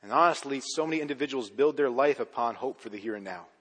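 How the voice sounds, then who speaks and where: A man preaching a sermon as pastor, pressing hard on key words and then dropping low and quiet at the ends of his points. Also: quick pace, slightly rough, big-room sound. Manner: emphatic, swinging between loud urgent stresses and low quiet endings.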